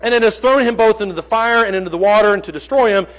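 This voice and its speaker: A man's voice: high voice, fast, fairly bright tone. A man preaching a sermon in church, earnest and emphatic, reading scripture and stopping to correct himself with small jokes.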